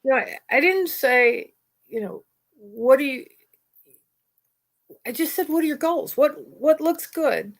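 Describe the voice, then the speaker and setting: A woman hosting a casual conversation, telling a story in a blunt, exasperated, animated way. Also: high-pitched, a little slow, pauses often.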